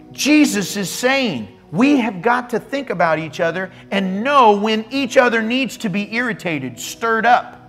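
A middle-aged pastor preaching in a church, his voice sitting notably high for a man. He teases and scolds his congregation in a lively, playful way, with faint music playing under his words. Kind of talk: sermon.

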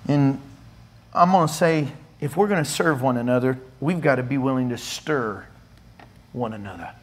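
A middle-aged male pastor preaching a sermon in a church, animated and teasing, playfully scolding his listeners. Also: mid-range voice, moderate pace.

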